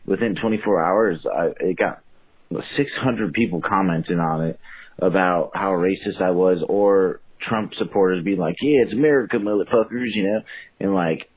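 Southern phone caller, very low husky voice, rambles and swears a lot. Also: male voice, steady tone, normal speed. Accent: Carolina Southern US. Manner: profane, loose and rambling. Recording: phone line.

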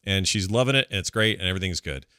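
A man's voice: low-pitched, racing, sharp tone, clear, resonant tone, no echo, studio quality. A middle-aged man hosting a call-in show, easygoing and amused, telling stories. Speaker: host. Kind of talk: casual call-in show chat.

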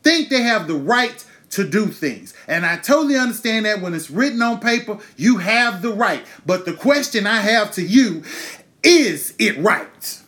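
A man's voice: high-pitched, lively intonation, normal speed, few pauses, fairly bright tone. Furious profane man in his thirties. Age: 30s. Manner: angry, profane ranting; emphatic rhetorical questions. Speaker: podcast host. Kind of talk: impassioned monologue.

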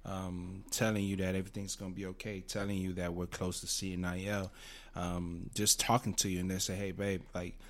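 A man's voice: low-pitched, level tone, normal speed. A young man co-hosting a podcast, speaking earnestly and reassuringly in casual chat, often repeating his words. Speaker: podcast co-host.

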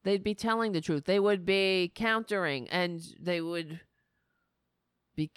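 Slow, indignant woman venting politics. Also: lowish voice, clean tone, no echo, clean studio sound. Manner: indignant, sarcastic, swearing. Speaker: political talk show host. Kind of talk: angry political commentary.

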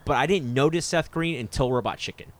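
A man's voice: medium pitch, a little fast. A man in casual podcast chat, rambling and swearing, with lots of fillers and restarts.

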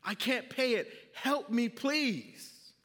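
A preacher doing a begging debtor. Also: male voice, a little high, sing-song, moderate pace, vocal fry, fairly bright tone, slightly rough, big-room sound, full character voice. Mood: pleading. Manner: pleading. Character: desperate male debtor begging for mercy.

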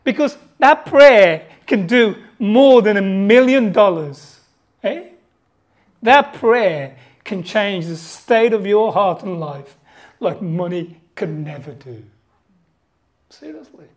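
A man preaching a sermon at a church service, lively and conversational, full of jokes and asides. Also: very high voice.

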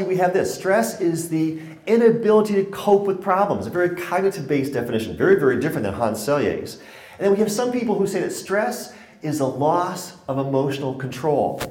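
A man gives a lively talk on stress to an audience, mixing anecdotes with punchlines. His voice sits a touch high for a man. The room adds a clear echo to every line. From Connecticut, USA. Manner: joking, animated storytelling with audience laughter. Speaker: speaker giving a talk on stress. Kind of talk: humorous public lecture. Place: lecture hall with audience.

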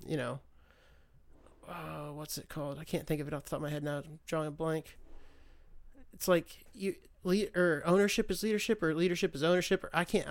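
A man hosting a podcast, ranting in a loose, profane, sarcastic way. He wanders off, loses his thread and restarts sentences. His voice is smooth and resonant and sits a bit high for a man. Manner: loses his train of thought, restarts often. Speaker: podcast host. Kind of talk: casual solo political rant.

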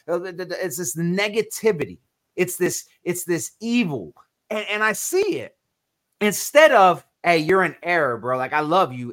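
A man hosting a podcast, his voice sitting a little higher than most men's. He talks in an animated, preachy way and keeps acting out little quotes. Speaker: podcast host. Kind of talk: casual chat.

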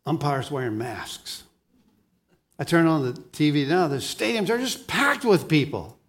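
A man preaching a sermon as pastor, swinging between soft, low lines and loud, lively ones, often restarting his words. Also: a little slow.

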